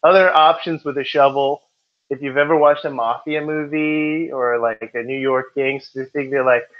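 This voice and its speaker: A man's voice: medium pitch, steady tone, normal speed. Casual male test prep teacher. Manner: casual, keeps checking in with "right?" and "okay?". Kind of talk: classroom lecture. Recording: dull lo-fi recording.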